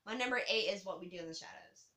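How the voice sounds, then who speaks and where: A woman hosting a casual movie chat, excitable and quick to laugh, with a habit of swearing. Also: mid-range voice. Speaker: channel host. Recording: echoey room.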